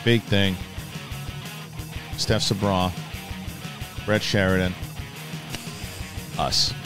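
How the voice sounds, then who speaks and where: A man in his thirties hosting a podcast, rambling and animated as he tells stories, with frequent restarts. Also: low voice, very slow, over music. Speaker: podcast host. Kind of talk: casual chat.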